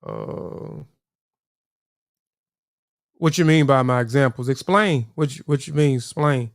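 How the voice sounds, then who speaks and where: A man's voice: medium pitch, slow pace, vocal fry, dry recording, clean studio sound. Rambling man hosting a casual livestream. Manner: rambling, repeats words, addresses chat viewers. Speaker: livestream host.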